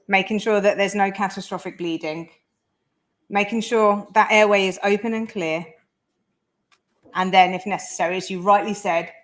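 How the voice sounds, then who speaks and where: Lower-voiced woman running through a checklist. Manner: reassuring, runs through a checklist. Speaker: event organizer. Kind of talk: closing remarks to a training audience. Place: study centre training room.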